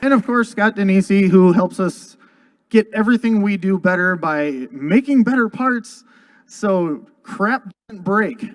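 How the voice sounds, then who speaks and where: A man with a fairly high voice presents his company at a convention seminar. He jokes, gets heartfelt, and rambles casually into a handheld microphone. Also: expressive, measured pace, a faint crowd, slight background noise.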